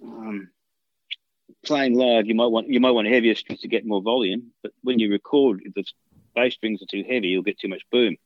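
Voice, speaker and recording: A man's voice: lowish voice, steady tone, moderate pace, no echo, muffled recording. A man, a guitarist, telling long casual anecdotes in an interview, full of restarts and fillers. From Australia. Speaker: guitarist guest.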